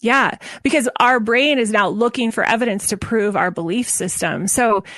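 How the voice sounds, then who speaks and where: An earnest woman talks through parenting ideas as a podcast guest, animated and quick to restart her sentences. Her voice sits a little on the high side. The sound is dry and close. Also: dry recording. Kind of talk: conversational podcast interview.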